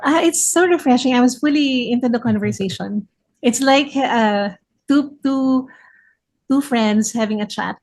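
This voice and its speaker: A woman's voice: fairly high pitch, unhurried, darkish tone. Encouraging woman podcast host. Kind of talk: casual interview chat.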